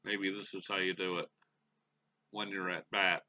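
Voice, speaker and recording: A man's voice: sits low, level tone, moderate pace, pushed and bright, dull audio. A middle-aged man hosting a gaming channel, calling a baseball sim game play-by-play and muttering to himself with folksy exclamations.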